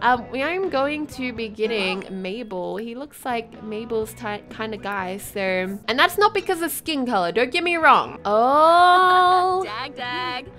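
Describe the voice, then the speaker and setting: A woman's voice: on the high side, lively intonation, a little slow, pushed and bright, soft background music. A woman hosting a let's play, gushing and giggling in casual gameplay commentary.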